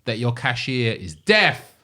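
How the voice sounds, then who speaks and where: A man's voice: medium pitch, big pitch swings, unhurried, pushed and bright. A man co-hosting a casual podcast chat over beers, ranting emphatically and swearing freely. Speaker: podcast co-host.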